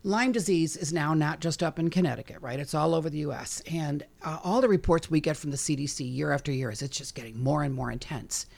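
A woman, a bug repellent maker giving a chatty, animated interview full of quick asides. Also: low-pitched, creaky. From Chicago, USA. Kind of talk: casual interview talk.

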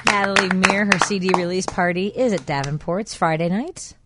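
A woman's voice: medium pitch, moderate pace, over a noisy crowd, heavy background noise. A woman hosting a radio talk show, chatting in a playful, teasing way. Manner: playful, teasing, laughs easily. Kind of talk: casual studio chat.

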